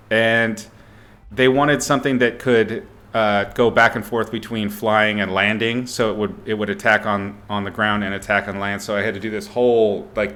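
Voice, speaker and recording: A man's voice: on the low side, a bit bright. A man illustrator chatting casually with viewers as he sketches on a live stream, greeting people and thinking aloud.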